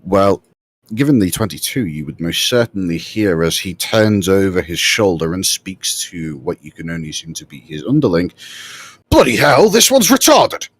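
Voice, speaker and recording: A man's voice: sits low, normal speed, husky, dry recording. A man narrating a tabletop game as game master, rambling with fillers and restarts.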